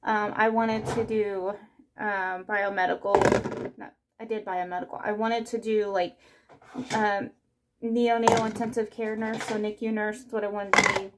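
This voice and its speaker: A woman's voice: mid-range voice, level tone, normal speed, heavy background noise. A young woman chatting casually while doing chores, rambling and breathless, recorded in her kitchen. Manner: rambling, self-interrupting, scatterbrained. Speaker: vlogger. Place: home kitchen, indoors.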